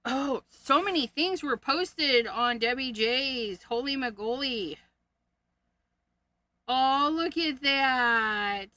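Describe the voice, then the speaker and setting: A woman's voice: high voice, animated, takes it slowly, pushed and bright, no room sound. A woman hosting a casual crafting livestream, chatting and giggling as she sorts through her stamps. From Canada. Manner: chatty, giggly, thinks aloud.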